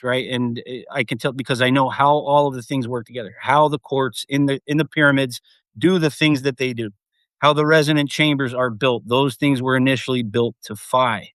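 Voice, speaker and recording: Man, mid-pitched, excitable rambling live streamer, casual swearing, dry untreated sound. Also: no echo. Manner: rambling, excitable, swears freely, many fillers.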